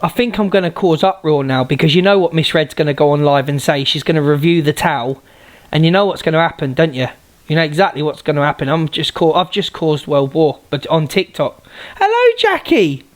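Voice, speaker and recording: A woman's voice: low-pitched, a little fast. A woman hosting a live stream, chatting casually, swearing freely and calling out greetings to viewers. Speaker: livestream host.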